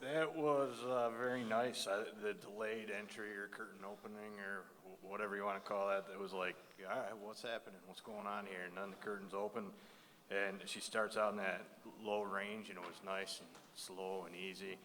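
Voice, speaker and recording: Bright, lower-voiced man judging a performance. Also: fairly even intonation, normal speed, slight background noise. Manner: enthusiastic, appreciative. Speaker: talent show judge. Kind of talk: giving spoken feedback. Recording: hall reverb with faint ambience.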